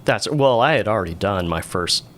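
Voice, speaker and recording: A man's voice: on the low side, lively intonation, moderate pace, a bit bright, a little hiss or hum. A man, a naval aviator and podcast guest, telling a rambling story in casual conversation, often ending phrases with "right?".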